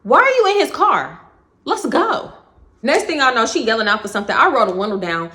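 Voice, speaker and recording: A woman with a Texas accent telling a casual storytime, animated, profane and dramatic. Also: on the high side, a little fast. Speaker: vlogger.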